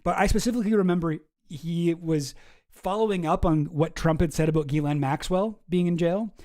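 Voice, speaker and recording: A man's voice: a little high, normal speed, darkish tone. A young man hosting a casual commentary stream, rambling and swearing as he talks through a news article. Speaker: streamer host.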